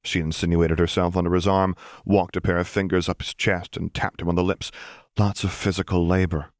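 Male narrator, deep, wry and measured, dry close studio read. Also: level tone, dry recording. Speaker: audiobook narrator. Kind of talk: fan fiction narration.

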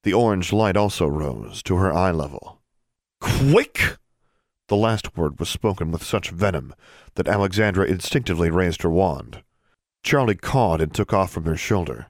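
A man narrating a fantasy story as an audiobook, steady storytelling with expressive dialogue. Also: sits low, moderate pace, no room sound, studio quality.

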